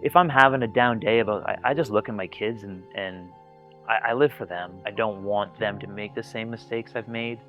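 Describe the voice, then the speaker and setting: In an interview, a man gives candid personal testimony, earnest and blunt, swearing freely and often repeating words as he begins a thought. His lowish voice moves briskly over lo-fi sound with soft background music.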